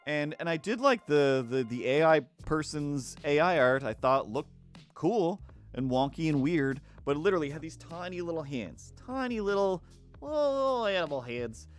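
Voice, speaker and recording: A man's voice: on the high side, animated, normal speed, soft background music. A man who is a cartoonist, chatting casually on a live stream while he draws. He rambles, uses many fillers, and laughs at his own jokes.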